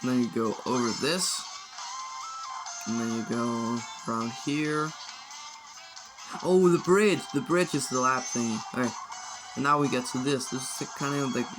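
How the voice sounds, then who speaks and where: A man's voice: medium pitch, vocal fry, low-quality recording. A man giving casual, rambling commentary over gameplay, often unsure and sometimes mock-outraged. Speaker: gaming video creator. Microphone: phone. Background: video game music.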